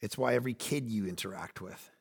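A man in his forties preaching a sermon, animated, swinging between loud bursts and hushed asides. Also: lowish voice, quick pace, gravelly, breathy edge. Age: 40s. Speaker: pastor.

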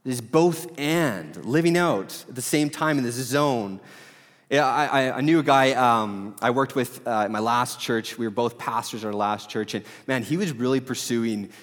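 A man's voice: medium pitch, normal speed. A male pastor giving a sermon in a conversational style, weaving in personal stories from his own life. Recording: long hall reverb.

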